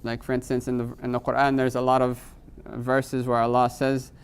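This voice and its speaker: Teaching Arabic grammar in a live class, a middle-aged man explains patiently, keeps checking in with his students, and slips Arabic terms into his English. His voice is smooth and resonant at an ordinary pitch, with a completely flat delivery at a moderate pace.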